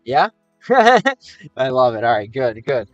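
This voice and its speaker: A man's voice: mid-range voice, steady tone, slow pace, no room sound, muffled recording, soft background music. Easygoing American man chatting on stream. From United States. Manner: chatty and easygoing, reads viewer questions aloud. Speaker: livestreamer. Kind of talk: casual livestream chat with viewers.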